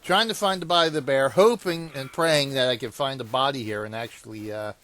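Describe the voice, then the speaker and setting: A man's voice: medium pitch, fairly quick. Man muttering through hunting gameplay. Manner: rambling, self-mocking, laughs at his own mishaps; swings from hushed muttering to loud exasperation. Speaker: gameplay commentator. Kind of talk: casual gameplay commentary.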